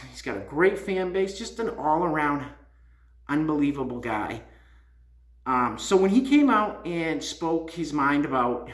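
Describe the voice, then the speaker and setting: A man's voice: on the high side, a bit bright. A man hosting his own channel, scolding and repeating himself in a heated opinion rant. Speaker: YouTube channel host. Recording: echoey room.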